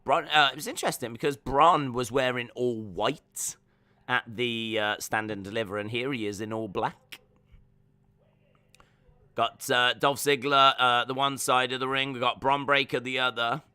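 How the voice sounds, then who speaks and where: A man hosting a live reaction stream, talking in a loose, rambling way. His voice is very bright and forceful, with a sharp, ringing edge. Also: mid-range voice, moderate pace, clean tone, no echo. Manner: rambling, animated, acts out scenes. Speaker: host.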